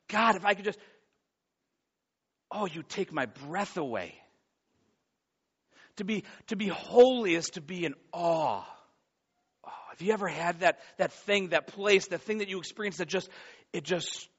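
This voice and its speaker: Male pastor, 40s, sermon delivery, bright tone on a dull lo-fi recording; swings from hushed to loud. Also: sits high, slightly rough. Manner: swings from hushed intimacy to loud acted-out storytelling.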